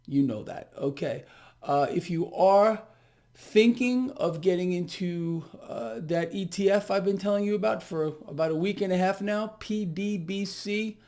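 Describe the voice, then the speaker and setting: A man's voice: high voice, a little mellow. A man giving direct-to-camera market commentary, emphatic and sarcastic, with lots of fillers.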